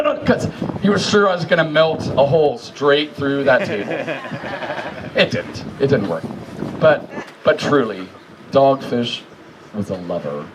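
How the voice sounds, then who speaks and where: A man giving a casual memorial tribute, telling a story in an animated, profane way and shouting the quotes. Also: medium pitch, noisy background.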